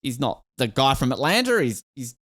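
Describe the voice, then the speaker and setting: A man's voice: mid-range voice, moderate pace, no echo. Man, podcast host, irreverent chatter, swinging intonation, dry close mic. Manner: lively, irreverent, swears casually. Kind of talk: casual podcast chat.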